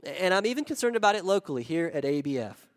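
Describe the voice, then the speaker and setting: A man with a Southern drawl from South Carolina preaches, his voice sitting a little high for a man. He speaks earnestly, leaning on key words and repeating phrases for weight. A long reverb trails each line through a large hall. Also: very animated, fast. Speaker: pastor. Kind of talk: sermon.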